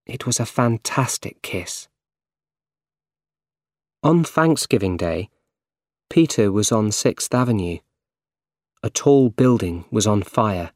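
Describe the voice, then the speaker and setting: A man reading a simple storybook aloud in slow, clear, carefully paced narration. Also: lowish voice, expressive, a little mellow, dry recording, clean studio sound. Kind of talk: scripted narration of a graded reader story.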